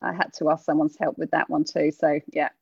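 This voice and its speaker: A woman's voice: deep voice, level tone, fairly quick, gravelly, breathy edge, no room sound. Woman in her forties from England, rambling storyteller, dry dull recording. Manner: rambling storytelling with many fillers. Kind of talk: casual chat.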